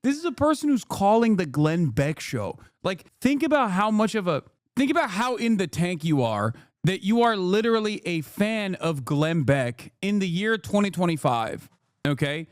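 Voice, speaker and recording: A man streaming reaction commentary, animated and mocking, swearing and laughing often. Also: sits high, normal speed, no echo, clean studio sound.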